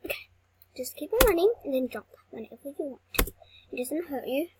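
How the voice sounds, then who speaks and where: A young girl giving excitable, easily frustrated commentary while playing an online race game, cheering herself on between outbursts. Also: high-pitched, brisk, background noise. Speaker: gaming channel host. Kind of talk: gameplay commentary.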